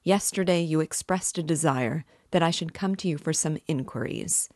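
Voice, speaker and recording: A woman's voice: low-pitched, measured pace, no echo, clean studio sound. A woman voicing an irritated, resolute young male student under suspicion in an audiobook reading.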